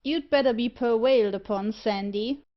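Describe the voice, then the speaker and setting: A woman's voice: on the high side, moderate pace, close to an everyday voice. A jolly, unbothered rascal who helps himself to food and wine, put on by a woman. The storybook recording sounds muffled and lo-fi. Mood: jovial. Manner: breezy dialect speech. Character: jolly greedy male dog-thief rogue.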